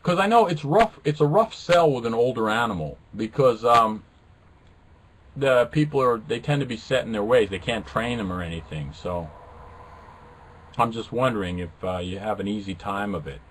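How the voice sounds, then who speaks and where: Joking, lively man. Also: lowish voice, moderate pace, a little hiss or hum. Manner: flippant, joking, self-mocking. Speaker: live webcast host. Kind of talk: casual rambling chat with viewers.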